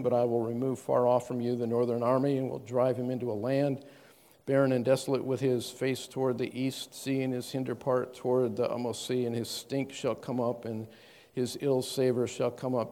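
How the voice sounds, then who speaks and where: A man's voice: mid-range voice, flat delivery, warm tone. Man preaching in a reverberant hall. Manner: reads scripture in a measured, stressing cadence, then explains plainly. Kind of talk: sermon with scripture reading.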